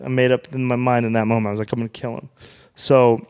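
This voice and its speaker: A man's voice: mid-range voice, flat delivery, fast, darkish tone, clean tone. A man who is a comedian, a guest on a podcast, telling a story in a casual and profane way.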